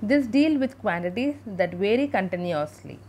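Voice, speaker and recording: A woman's voice: medium pitch, animated, moderate pace, a little mellow. A woman teacher giving a school computer science lesson over slides, explaining terms one by one and spelling out abbreviations. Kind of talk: classroom lecture over slides.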